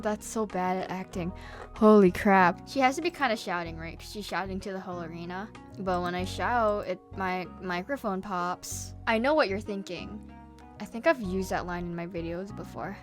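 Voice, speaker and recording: A woman's voice: medium pitch, animated, moderate pace, faint music behind. A woman narrating her animation vlog in a chatty, self-deprecating way. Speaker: animation YouTuber.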